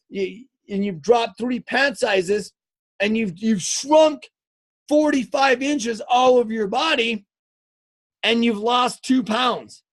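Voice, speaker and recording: A male fitness coach giving an energetic live coaching talk, emphatic and repetitive, often checking in with "okay?". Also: very high voice, slow pace. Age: adult, married eighteen years.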